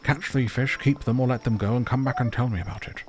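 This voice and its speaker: A man reading a game's lines as a gruff, brusque old male hobbit who grumbles and makes mock threats. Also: mid-range voice, fast talker, pitched above the performer's own voice, lightly acted. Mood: grumbling.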